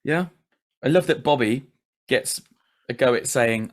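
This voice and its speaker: A man's voice: mid-range voice, unhurried. A man hosting a casual podcast recap, chatty, laughing often and swearing casually. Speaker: podcast host.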